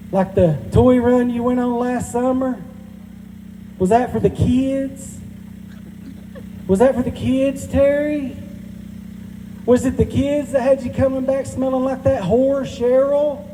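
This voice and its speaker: A man's voice: very high-pitched, mellow, a little hiss or hum, pitched above the performer's own voice. A man voicing an angry wife with a Southern accent who sarcastically accuses her cheating husband, recorded live in a reverberant hall.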